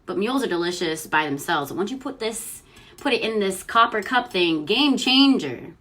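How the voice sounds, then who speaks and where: A woman's voice: medium pitch, lively intonation, a little fast, sharp tone. A young woman chats casually and giggles while mixing a cocktail at home for her vlog. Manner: chatty and giggly, often trailing off with fillers. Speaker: host of a news and cocktail vlog.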